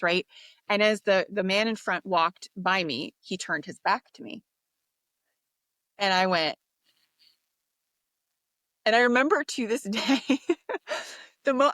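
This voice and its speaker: A woman, a podcast guest, telling a story in an interview, animated and acting out the voices of people she quotes. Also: medium pitch, dry recording. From United States.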